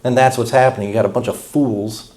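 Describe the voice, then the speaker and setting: A pastor preaching a sermon in a blunt, folksy, impassioned way. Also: male voice, medium pitch, fairly even intonation, a little fast, darkish tone.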